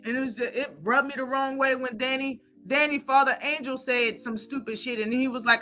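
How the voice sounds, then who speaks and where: A woman's voice: sits high, normal speed, hardly any pauses, pushed and bright, soft background music. A woman hosting a live stream, giving heated, blunt and profane commentary.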